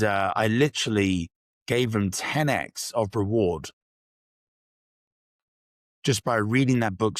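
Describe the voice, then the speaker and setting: A man's voice: fairly low pitch, no echo, studio quality. A man, talking as a podcast guest in a candid, reflective way. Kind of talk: casual interview storytelling.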